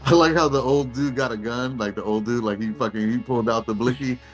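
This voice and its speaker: A man's voice: medium pitch, fast, faint music behind. A man co-hosting a podcast, chatting about a horror film in slangy casual speech, laughing and mimicking characters. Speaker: podcast co-host. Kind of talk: casual film review chat.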